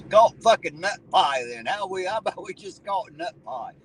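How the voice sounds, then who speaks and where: With a high, animated voice at normal speed, a man reads viewer comments on his casual livestream, chuckling and cursing in a folksy manner. Loud traffic noise fills the recording from a distant mic.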